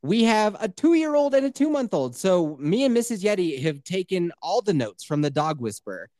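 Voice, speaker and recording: A man's voice: sits high, sing-song, moderate pace, darkish tone, dry recording, studio quality. A man in his thirties co-hosting a podcast, telling a crude story with lots of swearing and laughter, acting out other people's voices. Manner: profane, laughs often, acts out voices. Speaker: podcast co-host.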